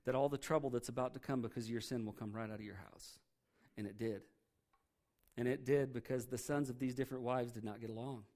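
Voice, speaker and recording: A man preaching a sermon. He reads scripture aloud and explains it in a conversational way, pushing hard on key words and then dropping to a quiet voice. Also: medium pitch. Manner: emphatic, swings between loud stresses and quiet drops. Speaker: pastor.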